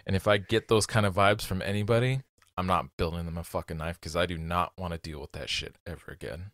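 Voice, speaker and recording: A man's voice: low voice, fairly even intonation, quick pace, a bit bright, no room sound, studio quality. A man co-hosting a casual chat as a custom knife maker, talking bluntly and profanely with frequent laughs.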